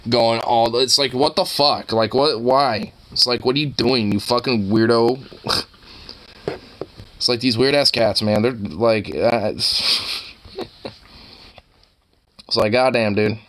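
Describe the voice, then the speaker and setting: Bright-toned man rambling profanely. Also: medium pitch, slow pace, pauses often. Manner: profane, rambling, full of fillers and restarts. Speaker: streamer browsing online posts. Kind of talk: casual rambling commentary.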